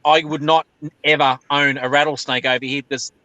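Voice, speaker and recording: A man's voice: fairly high pitch, level tone, brisk, bright, forceful tone, no room sound, muffled recording. A man with an Australian accent chatting casually as a guest on a live video chat, easygoing, with laid-back slang.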